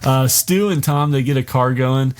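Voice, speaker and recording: Casual male podcast host recapping a series, mid-pitched, loose and profane. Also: moderate pace. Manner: loose, swearing, filler-heavy.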